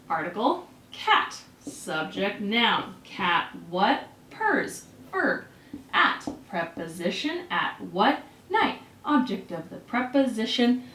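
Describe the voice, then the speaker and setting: A woman teaching a grammar lesson with upbeat, animated energy and quick bursts of excitement. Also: medium pitch. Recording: echoey room.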